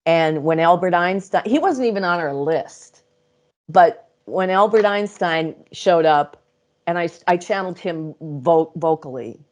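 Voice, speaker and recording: A middle-aged woman with a slightly low voice tells her stories as an interview guest. She talks in a chatty, lively way, breaks into laughter often and slips into little acted-out quotes. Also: unhurried. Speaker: interview guest, psychic channel. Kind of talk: casual storytelling interview.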